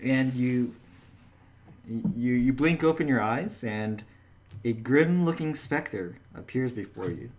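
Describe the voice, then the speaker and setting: A man narrating as game master, in a halting way with frequent restarts. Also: mid-range voice, expressive, darkish tone, a little hiss or hum.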